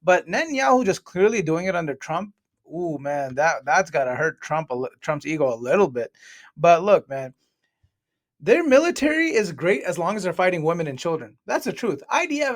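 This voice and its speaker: A man with a fairly high voice talks on a podcast panel. He speaks bluntly and slips into slang and mocking asides. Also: big pitch swings, a little fast. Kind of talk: heated podcast discussion.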